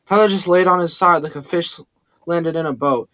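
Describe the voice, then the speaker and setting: A man narrating a first-person audiobook in a plain, steady storytelling manner. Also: a little high, normal speed, no echo.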